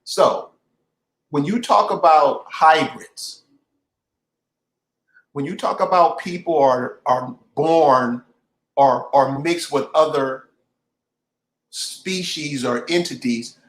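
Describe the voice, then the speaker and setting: A man with a slightly raised pitch urges his listeners on in an emphatic, repetitive, preacher-like way. He hosts a casual conversation, recorded in a room with noticeable echo. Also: animated, takes it slowly, pauses often. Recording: echoey room.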